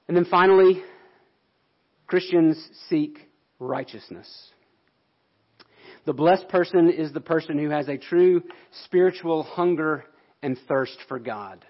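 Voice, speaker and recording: Man preaching a sermon, earnest, fairly high voice, muffled lo-fi recording. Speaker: pastor.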